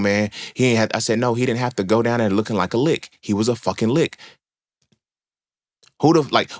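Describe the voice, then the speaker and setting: A man's voice: mid-range voice, a bit bright. A young man hosting a podcast, talking in a casual monologue, slangy, profane and emphatic as he tells stories. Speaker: podcast host.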